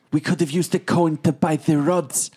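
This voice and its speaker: Husky, dry-humored game player. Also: mid-range voice, steady tone, normal speed, mellow. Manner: dry, sarcastic. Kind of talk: casual in-character banter.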